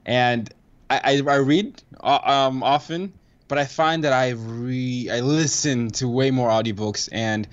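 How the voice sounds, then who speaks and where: A man speaks as a podcast guest, eager and quick to laugh, often restarting his sentences. His voice sits at an ordinary pitch. The audio is dull and lo-fi, like a remote call. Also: steady tone. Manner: enthusiastic, frequent restarts and laughs. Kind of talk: casual conversation. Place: New York.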